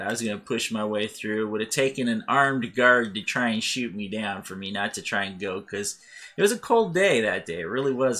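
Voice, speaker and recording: A man hosting a let's play, chatting casually over gameplay and laughing often as he tells stories with lively acted-out voices. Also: fairly low pitch. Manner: animated, acting out voices in his anecdotes.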